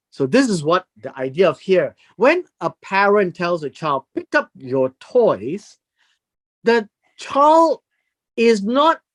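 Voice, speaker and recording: Slow, lively-pitched Bible teacher. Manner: deliberate, emphatic, explains word meanings with repetition.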